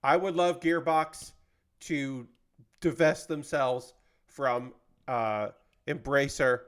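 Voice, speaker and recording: A man's voice: mid-range voice, steady tone, slow, fairly bright tone. Rambling, chatty streamer man. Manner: rambling, many fillers and restarts, chatty. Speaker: livestream host. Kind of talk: casual live-stream chat while building a model kit.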